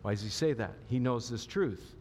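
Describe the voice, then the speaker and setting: A man's voice: mid-range voice, animated, moderate pace, a little mellow, a little hiss or hum. A man preaching a sermon as pastor, conversational and often asking the audience questions. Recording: long hall reverb.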